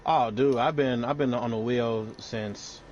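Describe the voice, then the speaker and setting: A man's voice: mid-range voice, a little slow. Laid-back male co-commentator, stammers and repeats himself; slightly dull, lo-fi mic with faint noise. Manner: relaxed, stammers and repeats words. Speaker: color commentator. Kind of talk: sim racing color commentary.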